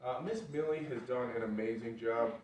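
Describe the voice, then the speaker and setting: A man teaching dog obedience exercises in a relaxed, instructive way. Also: mid-range voice, a little fast, crowd noise. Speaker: dog trainer. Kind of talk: outdoor training demonstration. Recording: roomy, distant mic with loud noise.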